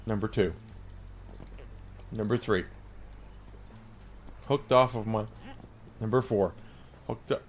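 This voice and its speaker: A man's voice: fairly low pitch, slow pace, long pauses. A tipsy man with hiccups, streaming a game from home, rambling and mumbling with lots of hums and sighs. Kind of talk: casual gameplay commentary. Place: at home, playing on a laptop. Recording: noisy background.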